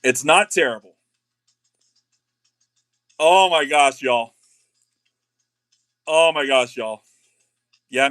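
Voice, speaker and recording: A middle-aged man, chatting excitedly on a live card-opening stream. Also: a little high. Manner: excitable, says y'all a lot.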